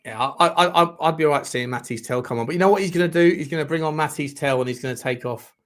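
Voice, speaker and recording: A man hosts a live football watchalong, talking over the match in a somewhat high voice. He is excitable and swears freely, and breaks into shouts at the referee when a call goes against his team. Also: fast. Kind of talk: live match commentary and reaction.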